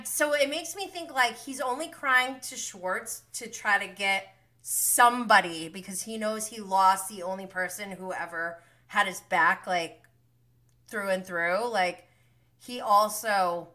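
A woman hosting a live recap show, talking in a casual, animated and blunt way straight to her viewers. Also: mid-range voice, measured pace.

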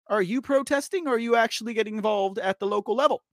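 Fast and high, with hardly a pause, this man's voice comes through studio-clean with no echo. He hosts a political news livestream as casual commentary, talking straight to the chat, joking, teasing viewers and laughing often in an animated way.

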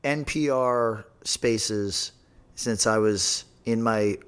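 A man's voice: lowish voice, drawn-out words, fairly bright tone, smooth. A man hosting a podcast, talking casually and profanely, rambling with restarts and dry sarcasm. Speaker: podcast host.

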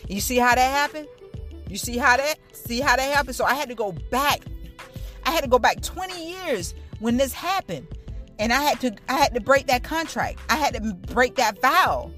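A woman's voice: high-pitched, lively intonation, moderate pace, bright, forceful tone, soft background music. Earnest woman giving a candid testimony. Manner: earnest, repetitive, talks straight to listeners. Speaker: speaker sharing her testimony.

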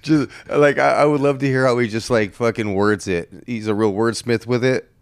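A man's voice: mid-range voice, steady tone, normal speed, clean tone, no room sound, clean studio sound. A man in a casual chat, laid-back and swearing casually, giving short reactions and telling a work story.

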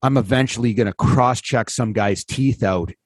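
A man's voice: medium pitch, normal speed, slightly rough, dry recording. Blunt teasing podcast guy, cusses freely, dry close mic. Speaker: podcast co-host. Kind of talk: casual chat.

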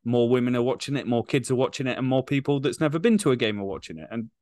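A man co-hosting a casual sports podcast, giving measured, frank opinions. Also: mid-range voice, expressive, darkish tone, no room sound. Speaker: podcast co-host.

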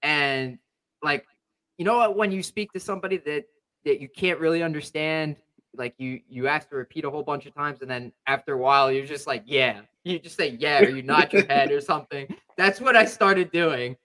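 A man hosting a sports podcast tells a story in casual sports chat, rambling along with many fillers. His fairly high voice is brisk, bright and forceful, on a rough recording.

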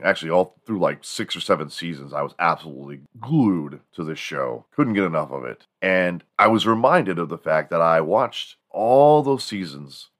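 A man's voice: low-pitched, a bit bright. A man from the United States rambling through a casual, profane comedic monologue as a show host. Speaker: podcast host.

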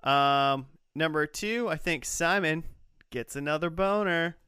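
A man with a bright, crisp voice chats loosely as a podcast co-host. He rambles and fills his talk with "like" and "you know". The sound is dry and close to the mic. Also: on the high side, measured pace, no echo. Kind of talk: casual chat.

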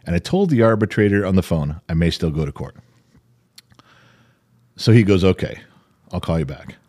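A middle-aged man hosting a podcast, telling a story in casual chat, animated and profane, acting out the people he quotes. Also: low voice, moderate pace. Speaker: podcast host.

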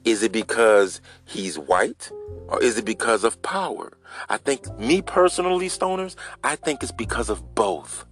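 A man's voice: medium pitch, sing-song, unhurried, fairly bright tone, faint music behind. A man hosting a casual solo podcast, telling a story in a loose, rambling way and talking straight to his listeners. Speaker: podcast host.

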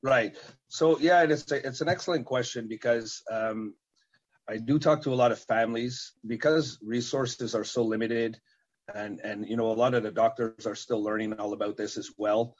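A man, a parent and event organizer, answering interview questions in a halting way, with many fillers and repeated words. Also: mid-range voice, fairly even intonation. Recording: dull lo-fi sound.

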